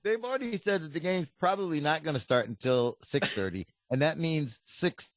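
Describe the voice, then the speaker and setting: A man's voice: on the high side, animated, normal speed, no room sound, studio quality. A man co-hosting a podcast, chatting casually and teasing his partner. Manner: playful banter, teasing. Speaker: co-host. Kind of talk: casual chat.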